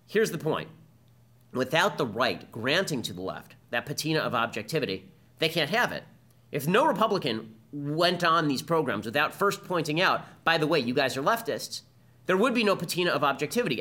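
This podcast host speaks at a medium pitch with a sharp edge. His political commentary comes as a combative monologue, and he talks fast.

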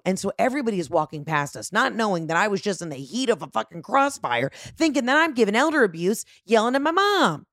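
A woman's voice: mid-range voice, sing-song, a little fast, hardly any pauses, dry recording, clean studio sound. Profane, frantic woman telling a story. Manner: profane, frantic, self-mocking. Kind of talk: animated storytelling in casual chat.

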